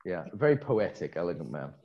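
A man's voice: deep voice, sing-song, fairly quick, creaky. A man co-hosting a conference, chatting casually with playful, joking asides. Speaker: conference co-host. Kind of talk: casual chat. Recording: dull lo-fi sound.

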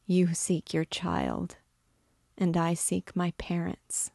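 A woman's voice: fairly low pitch, level tone, takes it slowly, creaky, dark tone, no room sound, studio quality, full character voice. A woman reading aloud voices an exhausted, frightened young girl who speaks faintly and stammers. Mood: faint, sorrowful.

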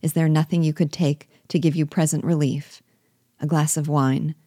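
A woman reading the lines of a concerned young gentleman from a classic novel, earnest and gentle, in a low, mellow voice. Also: little pitch movement, normal speed, slightly rough, dry recording, clean studio sound.

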